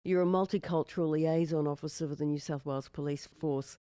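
An interview host asking questions in a measured, articulate way. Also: medium pitch, fairly even intonation, warm tone, no echo, clean studio sound.

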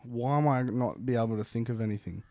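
A man's voice: medium pitch, fast, a little mellow, no echo. A man co-hosting a podcast in casual chat, laid-back and self-deprecating, swearing often. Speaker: podcast co-host.

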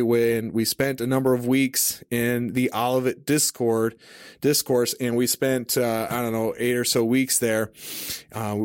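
A man hosting a casual teaching podcast, talking in a relaxed, conversational way with many fillers, at a studio mic on a stand. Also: medium pitch, no room sound. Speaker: podcast host. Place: home studio at a desk.

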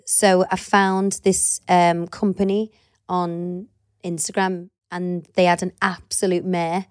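A woman's voice: lowish voice, flat delivery, slow, darkish tone, clean tone, dry recording, studio quality. A woman in her thirties co-hosting a podcast, chatting casually and animatedly, swearing now and then. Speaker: podcast co-host. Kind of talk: casual chat.

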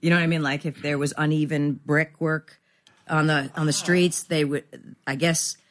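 A woman's voice: low-pitched, steady tone, moderate pace. A middle-aged woman actor talking candidly as an interview guest, rambling and self-deprecating with many fillers.

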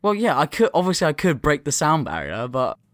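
A man's voice: a little high, huge pitch swings, brisk, a bit bright, no echo, studio quality. A young man co-hosting a podcast, playful and jokingly boastful in casual chat. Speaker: podcast co-host.

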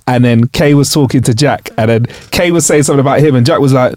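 A man's voice: mid-range voice, steady tone, fast, a little mellow, no room sound. Joking young Southern English man, dry sound. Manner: laughs often, loose and joking. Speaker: podcast co-host. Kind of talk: casual chat.

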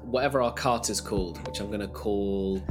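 A man taking part in a tabletop game, joking as he narrates his character. Clear music sits behind him. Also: lowish voice, moderate pace. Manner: joking, playful. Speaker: player. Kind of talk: tabletop role-play.

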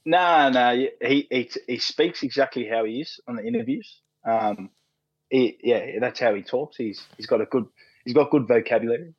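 Australian guy, 30s, podcast guest; relaxed, rambling, sweary; mid pitch, dry dull audio. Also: normal speed, breathy edge, dry recording. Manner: laid-back, frequent fillers and restarts, swears freely. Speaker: podcast guest, rugby league player. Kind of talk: casual chat, storytelling.

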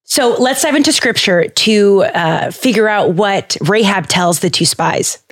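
A woman hosting a podcast, retelling a story in a casual, playful and animated way, with jokes and restarts. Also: medium pitch, measured pace. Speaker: podcast host.

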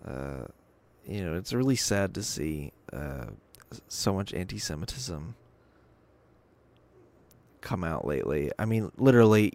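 A man's voice: on the low side, dry recording. A man hosting a podcast, ranting in a loose, sarcastic way with a lot of swearing and filler words. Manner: sarcastic, rambling, swears often. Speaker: podcast host. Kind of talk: casual political rant. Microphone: webcam and desk mic.

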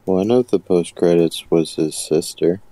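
A man co-hosting a casual podcast, giving brief, low-key replies. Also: measured pace, dark tone, no room sound. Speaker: podcast co-host.

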